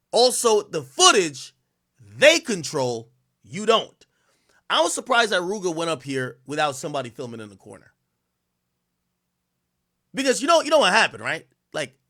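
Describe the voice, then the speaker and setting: A man hosting a livestream, reacting to a clip in casual, slangy, excitable commentary. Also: high-pitched. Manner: animated, excitable, slangy, repeats himself.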